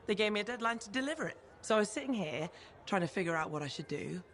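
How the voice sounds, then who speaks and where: An actor playing a careless, joking pilot who gambles, in video game dialogue. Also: female voice, medium pitch, lively intonation, quick pace, a bit bright, slight background noise. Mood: breezy.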